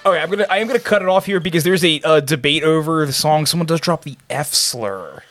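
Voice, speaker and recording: A man's voice: on the high side, fast, a bit bright, faint music behind. A man co-hosting a podcast in casual chat, wry and profane. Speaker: podcast co-host.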